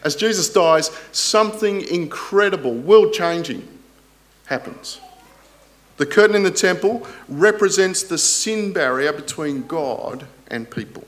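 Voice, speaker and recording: With a fairly high, expressive voice, a man preaches in a sincere, measured manner. Scripture quotes come out loud, phrase endings trail off softly, and he uses rhetorical questions.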